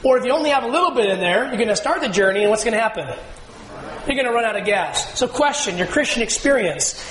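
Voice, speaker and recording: A pastor preaching a sermon, firing questions at the congregation and answering them himself in a call-and-response style. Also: male voice, extremely high pitch, expressive, fast, a bit bright, reverberant, rough recording.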